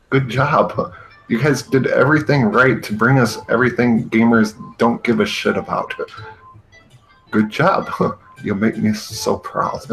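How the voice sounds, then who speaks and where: A man's voice: on the low side, vocal fry, fairly bright tone, rough recording. A man hosting a comedy show, ranting sarcastically and with exasperation. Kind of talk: comedic rant over a game show stream.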